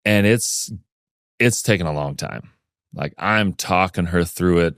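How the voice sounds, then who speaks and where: A man as a podcast guest, telling a personal story in a lively way and acting out the things people said. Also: low-pitched, unhurried, no echo, clean studio sound. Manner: lively storyteller who acts out remembered dialogue.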